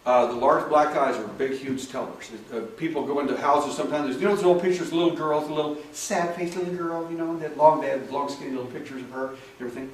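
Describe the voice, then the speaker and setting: His voice is a little high, steady in tone, and quick with few pauses. As a hypnotherapist giving a talk with audience questions, he relates case stories and performs the dialogue in raised voices, recorded distantly in an echoey room with faint noise.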